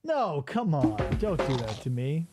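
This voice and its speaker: A man hosting a comedy podcast, reacting to old TV ads with animated joking and swearing. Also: on the high side, a little slow, over loud music. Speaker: podcast host. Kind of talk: casual comedic commentary.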